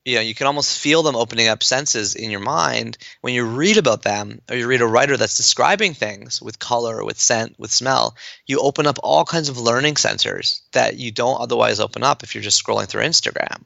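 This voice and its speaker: Gravelly, bright, enthusiastic male podcast guest. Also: mid-range voice, no room sound, dull audio. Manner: animated, fast-talking, many fillers and restarts. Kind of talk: enthusiastic conversational interview.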